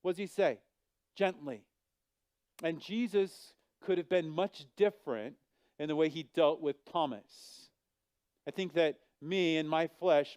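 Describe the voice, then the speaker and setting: A man preaching a sermon as pastor, animated and acting out the voices of biblical figures with big swings in pitch and loudness. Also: smooth, no room sound.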